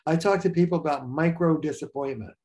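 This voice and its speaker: Older male therapist, mellow dark timbre, blunt storyteller, chatty interview guest. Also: on the high side, brisk. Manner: frank, storytelling, frequent restarts and fillers. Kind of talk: casual interview talk.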